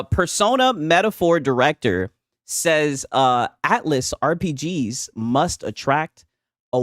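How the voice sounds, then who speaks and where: A man's voice: a little high, a bit bright, no echo, studio quality. A young man on a casual livestream, ranting with lots of profanity and ending his sentences with "right?". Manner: profane, heated, keeps tagging "right?". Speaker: streamer.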